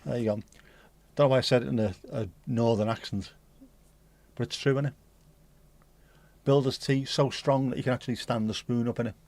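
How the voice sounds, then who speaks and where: A man's voice: medium pitch, darkish tone, no room sound. A man hosting a casual livestream, chatting to viewers and answering the chat aloud, swearing now and then. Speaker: livestream host reading chat. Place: home streaming setup.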